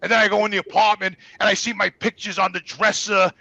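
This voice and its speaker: Man, New York accent, middle-aged, gravelly, bright and tense, profane storytelling. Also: high voice, quick pace. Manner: profane, animated, loud when worked up. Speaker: guest. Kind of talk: casual storytelling.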